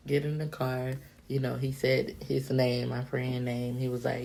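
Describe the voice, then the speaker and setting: A woman from the Miami-Dade area telling a personal story straight to camera, candid and profane, in an animated, chatty way. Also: extremely low pitch, a little slow, creaky. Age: adult, past her younger days. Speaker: vlogger. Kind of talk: casual storytime monologue.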